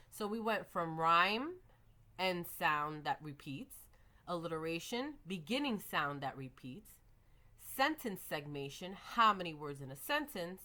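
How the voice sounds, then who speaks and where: Brief: young woman educator, methodical lecture, bright forward tone, slightly low pitch. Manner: methodical, models child-directed prompts and clapping. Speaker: teacher educator. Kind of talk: explanatory lecture with modeled classroom prompts.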